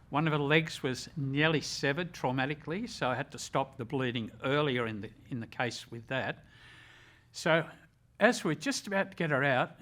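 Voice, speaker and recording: An older Australian man speaks in an earnest, measured way. He recounts his own memories with steady reflection. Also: a little high. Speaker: retired rescue officer, ambulance chaplain. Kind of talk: personal storytelling.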